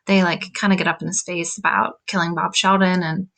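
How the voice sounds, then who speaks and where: A woman's voice: lowish voice, flat delivery, a little fast, gravelly, a bit bright. A woman teacher talking casually through a novel with a class, reading passages aloud and filling gaps with "um" and "like.". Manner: chatty, many "like" and "um" fillers; reads quotes from a novel aloud. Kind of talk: casual lesson walkthrough.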